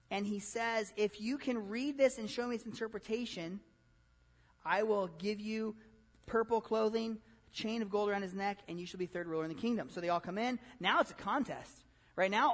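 A man pastor giving a conversational, animated sermon, full of rhetorical questions. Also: sits high, in a large hall.

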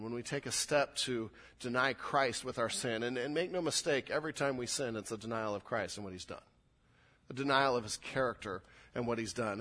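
Animated bright-voiced male preacher. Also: mid-range voice. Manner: animated, acts out quoted lines with rising intensity. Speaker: pastor. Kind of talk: sermon.

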